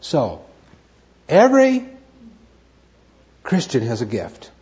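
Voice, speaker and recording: A man's voice: mid-range voice, big pitch swings, measured pace, warm tone. A man teaching a Bible study lecture, stressing key words, repeating them and asking and answering his own questions. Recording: dull lo-fi recording.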